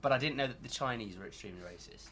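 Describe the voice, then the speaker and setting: A man in casual chat with friends, teasing with quick comebacks and laughing a lot. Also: mid-range voice, bright, forceful tone, slight background noise.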